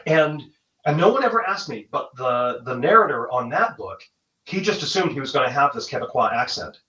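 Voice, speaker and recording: A man's voice: mid-range voice, sing-song, fairly quick, bright, forceful tone, reverberant, recorded from a distance, dull audio. A man, a guest author, chatting casually and self-deprecatingly, with frequent restarts. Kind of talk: casual interview chat.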